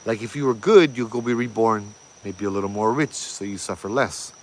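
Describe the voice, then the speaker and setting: A man's voice: on the low side, normal speed, slight background noise. Hawaiian Pidgin man telling ghost stories. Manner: animated, laughing, pidgin phrasing. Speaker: ghost story host. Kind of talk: casual storytelling.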